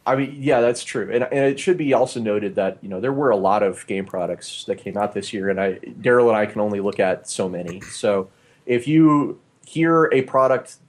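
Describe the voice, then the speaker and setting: A man with a lowish, darkish voice talks briskly, hardly pausing, as he co-hosts a casual podcast. He rambles with lots of filler words and restarts, recorded on a new studio microphone in a small home studio.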